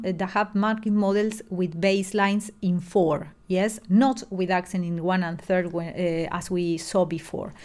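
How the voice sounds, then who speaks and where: A woman's voice: mid-range voice, darkish tone. Lady, middle aged, explaining music stuff online, lots of uhs and restarts. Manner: explanatory, with frequent fillers and restarts. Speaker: music lecturer.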